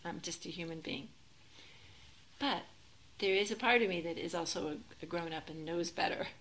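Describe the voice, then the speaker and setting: Woman giving a zen dharma talk, kinda low voice, reflective and self-deprecating, bit of faint noise. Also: normal speed, fairly bright tone, low-quality recording. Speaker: Zen teacher.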